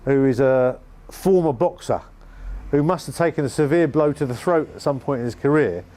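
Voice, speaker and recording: A man's voice: fairly high pitch, moderate pace, dark tone. Wry English man telling music-business stories. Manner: wry and dryly humorous. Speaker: former band manager and music promoter. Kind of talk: anecdotal storytelling interview.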